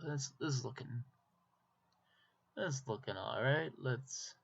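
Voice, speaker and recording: A young Minnesotan man with a Minnesota accent rambles casually to himself while he draws, tossing in self-deprecating asides. He's a YouTuber whose voice sits at medium pitch, slow, with vocal fry and a breathy edge. The mic sounds dull and lo-fi.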